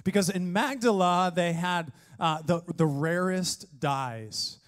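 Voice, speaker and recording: A man preaching a sermon, energetic and joking, with playful asides to his congregation. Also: high-pitched, takes it slowly. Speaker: pastor.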